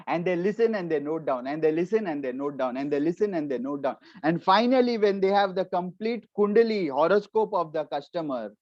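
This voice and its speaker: An Indian English-accented man coaches salespeople in a punchy, repetitive way, hammering his points home. His voice sits high for a man. The sound is dull and dry, with no room around it. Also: a little mellow, dry recording. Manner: emphatic and repetitive, acts out salesmen's pitches with switches into Hindi. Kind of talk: motivational sales training talk.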